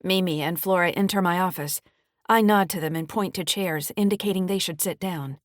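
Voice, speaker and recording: Woman narrating as a brisk woman investigator. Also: on the low side, no echo, studio quality, natural voice. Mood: businesslike. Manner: brisk, businesslike. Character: calm adult woman investigator, first-person narrator.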